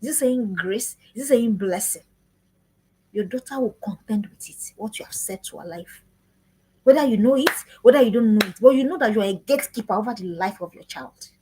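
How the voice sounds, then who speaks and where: This parenting speaker, a woman, delivers an earnest live-streamed talk, circling back to repeat her questions like a preacher. She has a medium-pitched, warm voice and a brisk pace, with slight background noise on poor audio.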